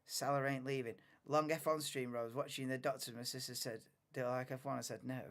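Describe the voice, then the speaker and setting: A man's voice: mid-range voice, little pitch movement, fairly quick, a bit bright. A young man hosting a live race watchalong, chatting casually, muttering asides and swearing freely.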